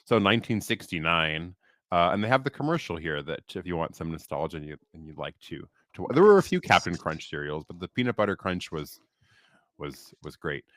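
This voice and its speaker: Deep-voiced man in casual podcast chat. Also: big pitch swings, brisk, fairly bright tone, no room sound, studio quality. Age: 30s. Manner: reads list entries aloud, laughs often. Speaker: podcast co-host.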